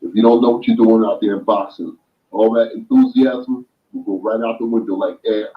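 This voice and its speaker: A man talking as a boxing guest in a casual chat, making his points slowly and emphatically with homespun sayings. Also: lowish voice, fairly even intonation, narrow, tinny audio. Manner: slow emphatic explaining, makes points with sayings.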